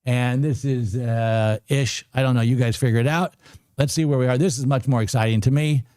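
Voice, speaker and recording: A man in his sixties giving live commentary on a trading stream, excitable and repeating himself as he urges the market on. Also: mid-range voice, brisk, smooth, no room sound, clean studio sound. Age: 60s. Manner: excitable, talks to the screen, repeats phrases. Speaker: livestream trading host.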